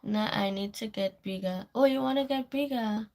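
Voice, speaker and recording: Gravelly-voiced Caribbean woman chatting on a livestream. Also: medium pitch, normal speed, a little mellow. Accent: Caribbean English. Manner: chatty, reads viewer comments aloud and answers them. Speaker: livestream host. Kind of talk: casual morning livestream chat.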